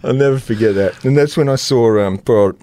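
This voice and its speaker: A middle-aged Australian man co-hosting a sports podcast, telling stories with lots of laughs and animated swings into quoted voices. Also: a little fast. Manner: animated storyteller, laughs often, jumps pitch for quoted voices. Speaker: podcast co-host. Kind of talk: casual sports chat.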